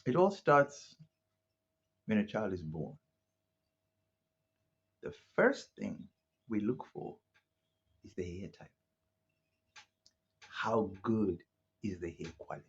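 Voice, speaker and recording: A man's voice: on the low side, sing-song, slow pace, long pauses, slightly rough. A man from South Africa giving a casual opinion monologue, thinking aloud with frequent asides like "right?" and "you know". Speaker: commentator. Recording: muffled lo-fi audio.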